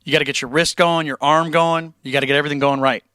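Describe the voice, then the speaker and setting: A man's voice: fairly high pitch, steady tone, quick pace, bright, forceful tone, smooth, dry recording, clean studio sound. A young man streaming and answering chat questions about guitar, blunt and encouraging, with casual swearing and rambling tangents.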